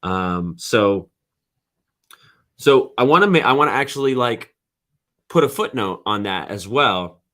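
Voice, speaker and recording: With a mid-range, bright voice and a forceful tone, this podcast host delivers casual solo commentary, animated yet a little slow, with long pauses. He speaks conversationally, leaning on many fillers and restarts.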